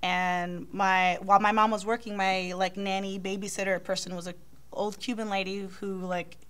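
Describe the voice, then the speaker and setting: A young woman from Miami co-hosting a casual panel chat, chatty and animated, often restarting her sentences. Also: medium pitch, moderate pace, smooth. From Miami, Florida. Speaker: co-host.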